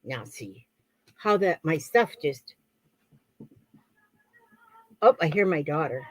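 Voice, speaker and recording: A woman's voice: sits low, expressive, slow, dry recording, low-quality recording. A middle-aged woman from Florida chatting casually while crafting, often wandering off topic. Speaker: crafting vlogger. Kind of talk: casual rambling chat.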